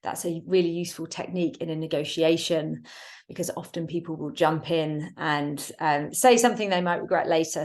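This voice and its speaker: A woman teaching workplace communication in a webinar, with a clear, emphatic delivery and deliberate pauses. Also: on the low side. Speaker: communication trainer.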